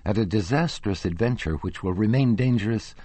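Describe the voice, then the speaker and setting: A man's voice: fairly low pitch, brisk, warm tone, dry recording, pitched above the performer's own voice, natural voice. A man voicing an earnest, formal young nobleman in an audiobook. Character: earnest young nobleman, anxious but firm.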